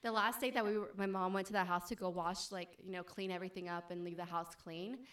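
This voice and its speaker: A woman's voice: fairly low pitch, steady tone, quick pace, fairly bright tone. A young woman telling a story in casual chat, rambling with many fillers.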